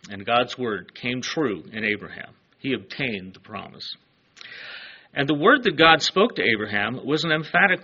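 A man's voice: medium pitch, pushed and bright, husky, muffled recording. A man preaching a sermon, earnest and emphatic, letting his phrases fall away at the ends.

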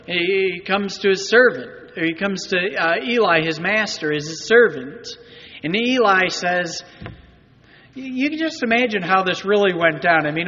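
A man preaches a sermon to his congregation in a high, sharp-edged voice. He talks conversationally and keeps asking the room rhetorical questions. The recording is muffled, and his voice carries a long reverb through a church sanctuary. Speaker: pastor.

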